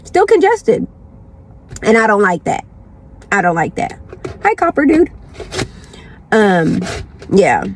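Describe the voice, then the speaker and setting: Slow and full of pauses yet very animated, this mid-range female voice belongs to a lifestyle vlogger talking casually in her car while stuffed up with the flu. She rambles and repeats herself, with slight background noise behind her.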